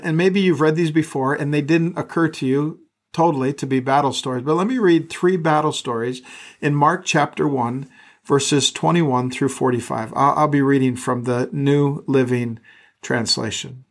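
Male pastor, somewhat high voice, earnest conversational sermon delivery. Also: normal speed.

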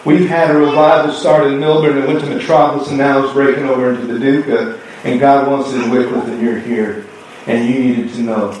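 A man preaching a sermon as pastor, telling a story and acting out both sides of a conversation with lively swings in voice. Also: medium pitch, fairly quick, slight background noise. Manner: animated storytelling, acting out dialogue. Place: church sanctuary. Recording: echoey hall from far off.

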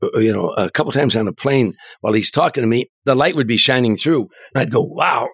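An older man, a comedian and author, telling animated anecdotes as an interview guest, often restarting his words. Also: medium pitch, fast, breathy edge, no room sound. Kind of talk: storytelling in an interview.

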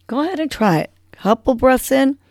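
A woman's voice: high voice, animated, normal speed, darkish tone, dry recording, clean studio sound. A woman hosting a podcast, guiding listeners through a breathing exercise in a soothing, encouraging way. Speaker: podcast host and breathing coach.

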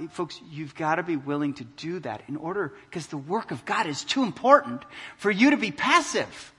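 Bright-voiced preacher in a big hall. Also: male voice, a little high, husky. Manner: impassioned preaching, builds to loud emphatic peaks. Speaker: pastor. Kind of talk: sermon. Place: church hall.

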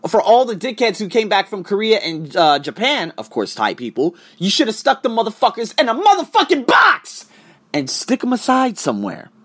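A man ranting casually and profanely to his viewers, swinging between loud outbursts and hushed asides. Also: high voice, wildly swooping pitch, normal speed. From United States. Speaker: vlogger and online teacher. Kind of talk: casual profane rant to camera.

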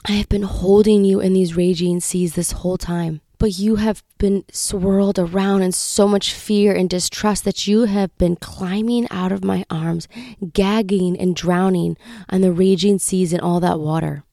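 A woman giving voice to a tender, hushed God. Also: mid-range voice, steady tone, creaky, dry recording, studio quality. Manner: hushed, slow, soothing. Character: tender, loving male God speaking.

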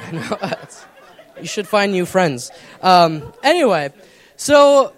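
A man's voice: high voice, big pitch swings, slow, some chatter behind. A young man preaching, telling a personal story in a casual, rambling way with many fillers. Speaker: pastor. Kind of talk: storytelling sermon.

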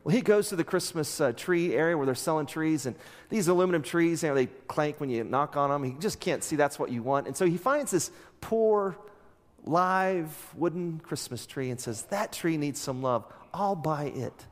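A man preaching from the pulpit, retelling a story with lively, acted-out lines. His voice sits a little high for a man. The sound carries a long reverb from the large church around him. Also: normal speed. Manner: animated storytelling, acts out characters' lines. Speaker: pastor. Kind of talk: sermon. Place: church sanctuary.

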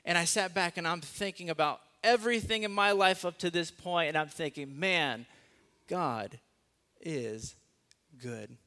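A young man from Los Angeles preaching a conversational sermon, slowing to a hushed voice on key phrases and joking at his own expense. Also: high voice. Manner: conversational and self-deprecating. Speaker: guest preacher.

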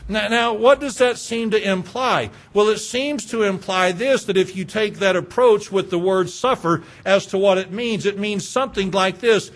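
A man preaching a sermon, earnest and pleading, asking his congregation questions and slowing down for emphasis. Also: high voice, a bit bright. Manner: talks directly to congregation with rhetorical questions. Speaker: pastor.

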